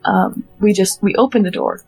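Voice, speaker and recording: A woman's voice: mid-range voice, normal speed, gravelly, darkish tone, slightly rough, soft background music, low-quality recording. A woman playing a tabletop game, wryly laying out options for the group. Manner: wry, laying out plans. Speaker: player. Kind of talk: casual tabletop play.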